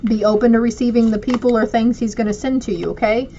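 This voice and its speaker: Quick-paced and steady, a woman with a dark yet fairly high voice casually reads oracle cards, speaking warmly straight to her viewers. The recording is dull lo-fi audio with slight background noise.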